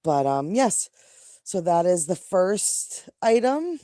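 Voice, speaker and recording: A woman with a New York accent chats through a live stream, her speech rambling and full of restarts. Her voice sits a little low for a woman. The sound is dry and close, with no room echo. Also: sing-song, slow pace, warm tone. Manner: chatty, rambling, self-interrupting. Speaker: co-host. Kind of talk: casual live-stream chat.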